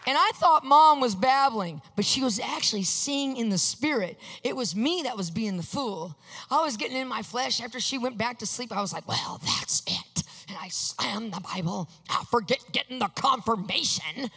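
A preacher telling a personal story in a sermon, animated, acting out what people said and asking for amens. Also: medium pitch, normal speed, in a large hall. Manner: animated, acts out quotes, asks the congregation for amens.

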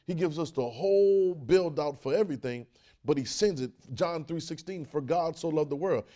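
A man's voice: a little high, moderate pace, warm tone. A man preaching a sermon, with emphatic, rising bursts and repeated phrases.

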